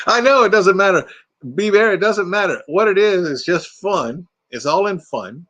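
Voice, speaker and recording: A man's voice: high voice, lively intonation, a little slow, pauses often, fairly bright tone, muffled recording. A retired man in his sixties hosting a casual late-night live stream from inside an RV, sleepy and playful, rambling and slipping into silly put-on voices.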